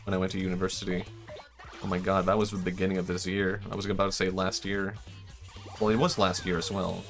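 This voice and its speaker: A young man streaming a game, musing in a loose, excitable way and swearing now and then. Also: sits low. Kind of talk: casual gaming stream commentary.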